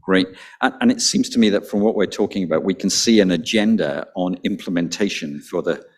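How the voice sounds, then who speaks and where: A man leads a panel discussion in a very deep voice. He speaks thoughtfully and often doubles a word at the start of a phrase before going on. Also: fairly quick. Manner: thoughtful, repeats words when starting sentences. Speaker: panel moderator.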